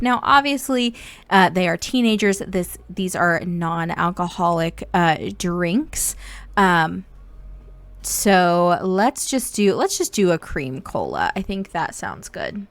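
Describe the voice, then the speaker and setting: A woman from Indiana giving bubbly, excitable, casual commentary on a life-sim game as the channel's host. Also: lowish voice, dry recording.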